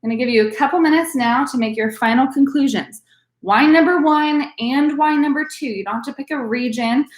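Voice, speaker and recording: A woman's voice: sits high, brisk, roomy sound. A woman leading a live online wine tasting class as instructor, upbeat and coaching, with frequent ums. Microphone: video call.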